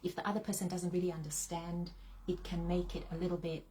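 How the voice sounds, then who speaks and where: A woman with a slightly low voice, co-hosting a casual chat with her husband. She talks in an easy, unhurried way, pausing on little ums as she gathers her thoughts. Her tone stays conversational throughout. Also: a little hiss or hum. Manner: relaxed, chatty, with frequent ums and laughs. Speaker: co-host, business partner.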